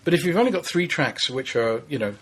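A man's voice: on the high side, lively intonation, fairly bright tone, a little hiss or hum. A man giving opinions on the music business in a casual podcast discussion. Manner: opinionated, rapid explainer. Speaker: music magazine writer.

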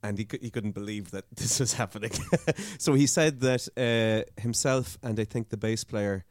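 Jokey low-voiced Irish man. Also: normal speed, dry recording, studio quality. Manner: jokey, laughs often, reads out news items. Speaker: podcast co-host. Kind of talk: casual chat.

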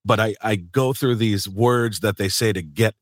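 A man's voice: lowish voice, normal speed, no room sound, clean studio sound. A middle-aged man hosting a podcast, telling stories in a casual, profane way and laughing often. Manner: animated, profane storyteller who laughs a lot. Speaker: podcast host. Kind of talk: casual chat.

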